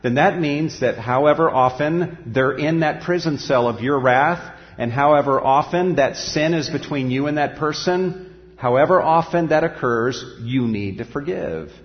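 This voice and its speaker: A man preaching a sermon, earnest and steady, often dropping his voice as he acts out the voices he quotes. His voice trails off in the long reverb of a hall. The sound is dull and muffled. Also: on the high side, measured pace. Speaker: pastor.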